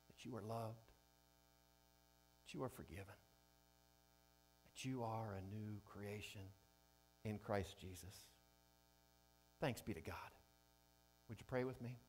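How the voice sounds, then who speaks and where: A man preaching an Easter sermon as pastor, earnest and falling to a soft, quiet emphasis on key lines. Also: mid-range voice, a little hiss or hum. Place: church service streamed online.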